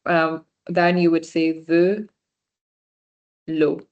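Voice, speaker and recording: Over a lo-fi computer mic, a woman who volunteers as a French workshop teacher leads a small beginner class online in a casual way. She speaks very slowly in a low, level voice, chatting informally, reading chat answers aloud and fixing her mistakes as she goes.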